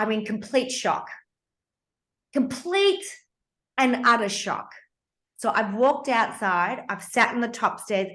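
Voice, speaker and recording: An Australian woman in her fifties hosting a podcast, telling a personal story in an animated, emphatic and blunt way. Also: medium pitch. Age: 50s. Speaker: podcast host.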